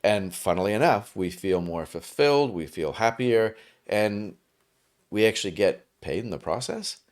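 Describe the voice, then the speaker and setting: A male podcast host with a very low voice, sounding upbeat and chatty. He keeps things conversational and often tags his points with a quick question. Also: lively intonation. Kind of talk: casual podcast interview.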